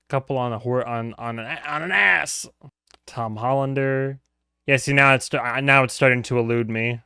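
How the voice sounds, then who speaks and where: A man's voice: mid-range voice, a bit bright, smooth, no room sound, clean studio sound. A man hosting a reaction video, chatting casually with many restarts and asides. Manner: rambling, self-interrupting, chatty.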